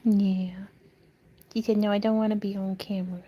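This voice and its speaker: Woman host, chatty craft stream, home craft room, mid-pitched voice. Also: flat delivery, normal speed, lo-fi sound. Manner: chatty, slips into whispered baby talk with pets. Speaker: livestream host selling crafts. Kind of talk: casual livestream chat.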